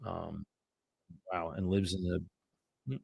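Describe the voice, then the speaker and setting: Gravelly-voiced man chatting on a live stream. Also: sits low, flat delivery, takes it slowly, a little mellow, dry recording, highs cut off. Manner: chatty and offhand, muttering asides to viewers. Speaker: real estate agent. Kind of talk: live-streamed cold calling with commentary.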